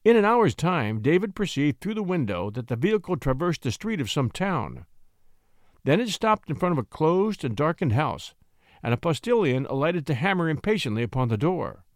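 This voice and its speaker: A man narrating a classic short story in an expressive, scripted reading voice. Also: a little high, normal speed, no room sound, clean studio sound. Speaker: audiobook narrator.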